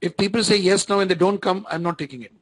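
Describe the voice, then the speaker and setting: A lecturer with an Indian English accent speaks to his online class in a rather high voice. He talks conversationally, repeating phrases and often stopping to ask if the students are following. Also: fast talker, poor audio.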